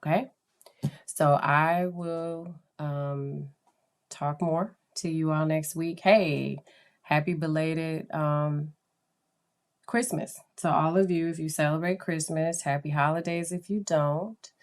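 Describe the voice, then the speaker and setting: Low-voiced woman podcast host. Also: slow. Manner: chatty, animated, acts out quoted voices. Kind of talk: casual podcast talk.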